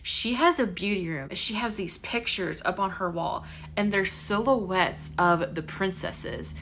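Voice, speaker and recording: A woman's voice: on the low side, a little slow, noisy background. A young woman chatting casually to camera at home about her plans, full of likes and ums. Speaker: lifestyle vlogger. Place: bedroom at home.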